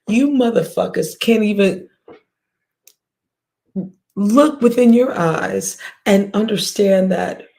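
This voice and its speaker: A woman's voice: mid-range voice, gravelly, darkish tone. A woman hosting a livestream, ranting bluntly and profanely at her viewers with scoffs and sighs. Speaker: livestream host.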